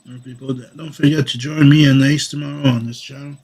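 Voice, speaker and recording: A man's voice: on the high side, steady tone, quick pace, creaky, a little mellow, slight background noise. Guy with a cough chatting loose while he draws, rambly, swears some. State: sick with a cough. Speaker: comic artist streaming. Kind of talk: casual stream chat while drawing.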